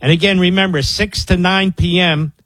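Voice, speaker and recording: Husky-voiced male radio host. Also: high-pitched, steady tone, normal speed, fairly bright tone, no echo, rough recording. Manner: boastful, emphatic storytelling. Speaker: radio talk show host. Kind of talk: talk radio monologue.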